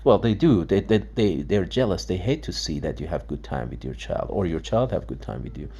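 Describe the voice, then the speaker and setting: A man's voice: low voice, lively intonation, brisk, mellow, breathy edge. A man speaking in an emphatic monologue, acting out dialogues and restarting his words often. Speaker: father and video blogger. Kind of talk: emotional monologue commentary.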